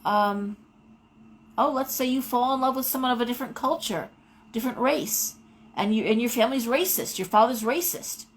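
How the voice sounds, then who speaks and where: A woman's voice: fairly high pitch, moderate pace, a little hiss or hum, low-quality recording. A middle-aged woman hosting a live tarot show, talking casually and wandering off into personal stories. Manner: rambling, digressive storytelling. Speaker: tarot reader host.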